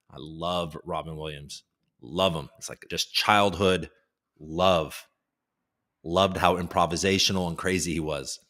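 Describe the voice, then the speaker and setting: A man's voice: deep voice, a bit bright. Casual man hosting a news livestream. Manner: casual, reads headlines aloud with joking asides. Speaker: host.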